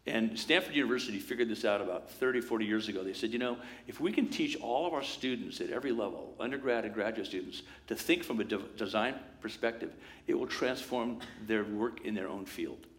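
A man preaching a sermon as pastor, in a lively conversational way, acting out quoted voices and asides. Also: on the low side, fairly quick.

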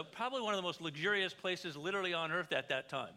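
A man, a pastor, preaching a sermon in a conversational way, with joking asides and big swings between quiet and loud. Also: sits high, lively intonation, fast, few pauses, a little hiss or hum.

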